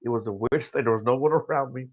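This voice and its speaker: A man asking questions on a podcast and telling his own stories in a relaxed, easygoing way. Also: mid-range voice, very fast, no echo, highs cut off. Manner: relaxed, easygoing storytelling with "uh" and "you know". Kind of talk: casual podcast chat.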